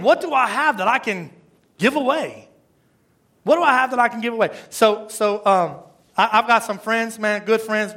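A man's voice: sits high, a bit bright. A man, a pastor, giving a conversational sermon, rambling, repeating words and asking the congregation questions.

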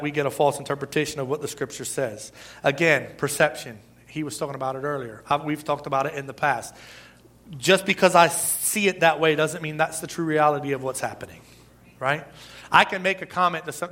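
A man preaching a sermon in a lively, conversational way, with asides, chuckles and emphatic peaks. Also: fairly high pitch. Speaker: pastor.

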